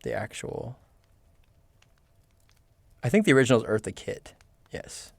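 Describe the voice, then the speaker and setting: This livestream host has a gravelly mid-range voice, very animated but a little slow, with no echo. Between karaoke sing-alongs, he banters playfully with his viewers and frequently breaks into laughter.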